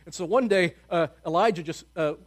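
In a high-pitched, fairly quick voice, a man preaches a sermon as casual, humorous storytelling. He breaks into sudden loud bursts of emphasis and then drops to hushed, quiet moments.

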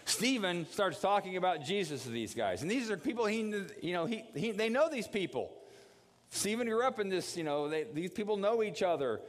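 A man preaching a sermon, telling the story vividly and acting out the quotes in an animated way. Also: fairly quick. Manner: animated storytelling with acted quotes, dropping low for prayer. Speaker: pastor. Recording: long hall reverb.

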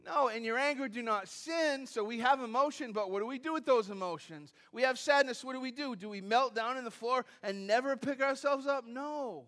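A man's voice: extremely high pitch, a little fast, hardly any pauses, a bit bright. A man preaching a sermon in a conversational way, with asides and self-deprecating humor, often repeating phrases and restarting as he builds his points. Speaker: pastor.

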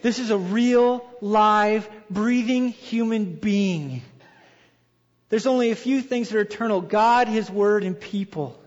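A man preaching a sermon as pastor, telling stories in an animated way and acting out quoted voices. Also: high-pitched, slow pace. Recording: dull reverberant hall sound.

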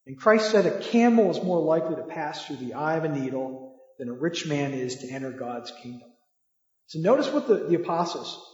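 This man's voice is fairly high and slightly mellow as he delivers a sermon in a conversational style, throwing rhetorical questions at the audience. The recording has a dull, lo-fi quality and the hall echoes.

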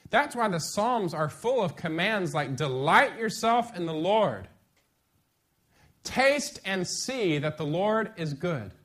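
A middle-aged man preaching a sermon as pastor, lively and conversational, with sudden bursts of emphasis. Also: high voice, slow pace.

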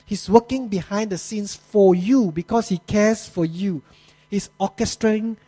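A man preaching a sermon, retelling a story with dramatic pauses and small grammar slips. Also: high-pitched, dark tone, low-quality recording.

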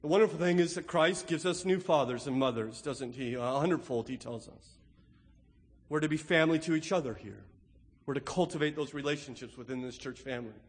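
A man's voice: a little high, brisk. A middle-aged male pastor preaching an emphatic sermon, often asking "right?" as he makes his points. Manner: emphatic, rhetorical, with repeated "right?". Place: church sanctuary. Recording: long hall reverb.

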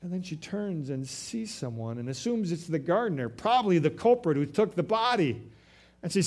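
A man's voice: high-pitched, very animated, moderate pace, a little mellow. A male pastor preaching a Sunday sermon, retelling scripture in his own words with frequent restarts.

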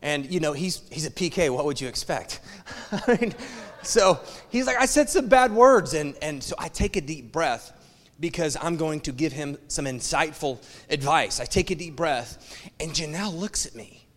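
A middle-aged man preaching from the pulpit, telling stories with animated humor and acting out both sides of his exchanges. His voice sits a little high for a man. It rings with the long reverb of a church sanctuary. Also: moderate pace. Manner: animated storytelling, acts out quoted exchanges. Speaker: pastor. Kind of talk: sermon.

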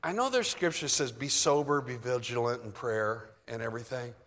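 A man preaching a sermon in a relaxed, conversational way, moving between soft asides and loud bursts. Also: medium pitch, a little fast, in a large hall. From United States. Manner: conversational, shifts from soft asides to mock shouting.

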